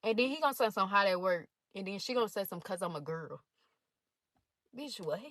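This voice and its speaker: A woman's voice: medium pitch, quick pace, no echo. A young woman in college telling a blunt, profane storytime, reading out text messages between others. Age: young adult. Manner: blunt, profane, animated retelling. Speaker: storytime vlogger.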